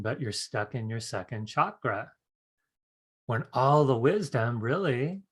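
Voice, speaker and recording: Middle-aged male workshop teacher, lively storyteller, medium pitch. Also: slightly rough. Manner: animated storyteller acting out quoted voices. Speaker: psychic development teacher.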